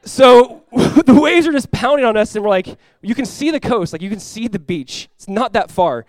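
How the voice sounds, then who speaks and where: A man, a pastor telling a lively personal story in a sermon, often laughing as he talks. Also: very high voice, moderate pace, no room sound.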